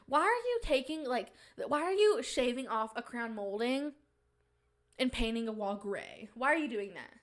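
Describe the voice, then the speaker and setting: Lady podcast host, kinda high voice, rambly and giggly, goes off on playful rants. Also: lively intonation, normal speed. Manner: giggly, chatty, mock-indignant rants. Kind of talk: casual rambling chat.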